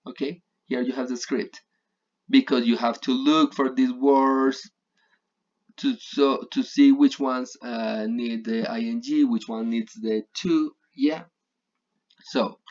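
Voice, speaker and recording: A man's voice: medium pitch, lo-fi sound. Chatty Spanish-speaking male English teacher. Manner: chatty, digressive, mixes Spanish and English, repeats for emphasis. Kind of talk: recorded online grammar lesson.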